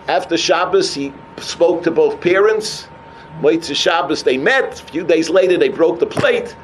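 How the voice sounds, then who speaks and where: A man with a giving a sermon as an animated storyteller who mixes in Hebrew and terms. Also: fairly high pitch, moderate pace, slight background noise, rough recording. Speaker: rabbi.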